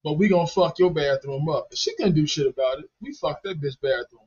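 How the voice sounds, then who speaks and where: A man's voice: on the high side, expressive, fairly quick, darkish tone, husky. A man talking in laid-back casual chat among friends. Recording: dull lo-fi recording.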